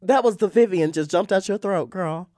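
A man co-hosting a podcast in casual chat, animated and laughing often, from a small country town. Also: high voice, no echo, studio quality. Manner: animated, laughs often, drawn-out emphatic talk. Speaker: podcast co-host, drag queen.

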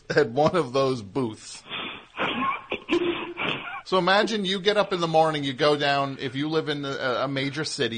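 Heard on a radio broadcast, the host of a call-in show has a mid-range voice with a bit of brightness. His style is teasing and rambling, full of quick back-and-forth with callers as he spins stories.

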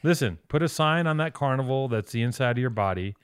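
Male co-host, mid-pitched, teasing, profane, dry close sound. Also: expressive, fast, clear, resonant tone, no room sound. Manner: teasing, profane, mock-lecturing. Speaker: podcast co-host. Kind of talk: casual chat.

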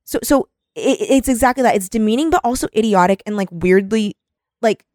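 A woman co-hosting a casual podcast, talking in an animated, profane way and laughing often. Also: a little high, a little fast, no room sound, studio quality. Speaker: podcast co-host.

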